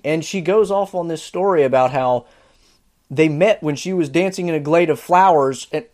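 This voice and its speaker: A man with a somewhat high voice talks casually as a podcast host reviewing a series. He sounds exasperated and sarcastic, and his delivery is animated. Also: normal speed. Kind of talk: casual commentary.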